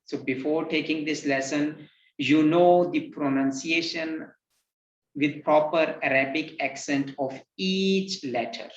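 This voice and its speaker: Male Quran tutor, slow, patient drill style; lo-fi echoey recording. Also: on the high side. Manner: patient, repeats letter names for the learner to echo. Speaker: Quran reading teacher. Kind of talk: slow recorded lesson with call-and-repeat drills. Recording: roomy, dull lo-fi sound.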